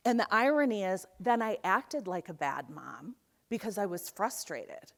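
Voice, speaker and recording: Animated woman giving a keynote talk. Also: medium pitch, measured pace, vocal fry. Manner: animated storytelling, acts out quoted voices. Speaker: keynote speaker. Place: conference hall.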